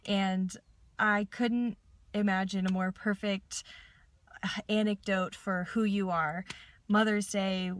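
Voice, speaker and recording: A woman's voice: medium pitch, no room sound. A young woman giving an emotional tribute to her mother, close to tears. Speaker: daughter. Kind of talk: heartfelt tribute message.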